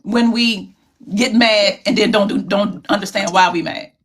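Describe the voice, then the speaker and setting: A woman's voice: medium pitch, fairly even intonation, moderate pace, crowd noise. Livestream host, woman, casual and heartfelt, opens up to the chat. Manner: emotional, heartfelt, addresses viewers as babies.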